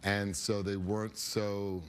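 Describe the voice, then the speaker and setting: An American man, a film actor and producer, talking in a relaxed, halting way as a talk show guest. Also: on the low side, smooth. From United States. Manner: relaxed, laid-back, halting.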